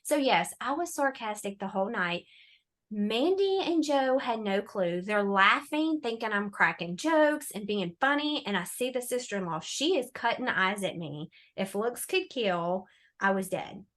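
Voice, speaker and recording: A woman, a podcast guest telling a story in an animated, sarcastic way and laughing often. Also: mid-range voice, measured pace. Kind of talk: casual storytelling chat.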